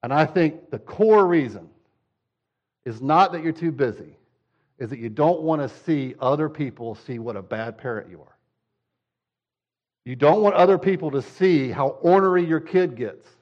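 A man's voice: a little high, animated, normal speed, dull audio. A male pastor preaching a sermon, direct and conversational, using emphatic repetition.

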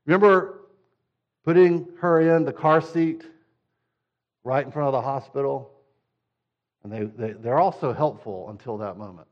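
A man's voice: mid-range voice, moderate pace, pauses often. A father and preacher telling humorous stories in a sermon, acting out scenes with swinging energy. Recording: dull lo-fi recording.

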